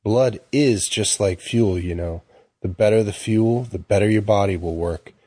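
A man's voice: fairly low pitch, measured pace, warm tone, breathy edge, no echo. A man voicing a falsely friendly, persuasive adult male salesman in a storybook reading.

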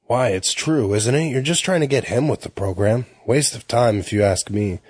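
A man's voice: mid-range voice, moderate pace, darkish tone, breathy edge, dry recording, clean studio sound, pitched above the performer's own voice, close to an everyday voice. A man doing a sneering teenage bully. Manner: sneering, mocking.

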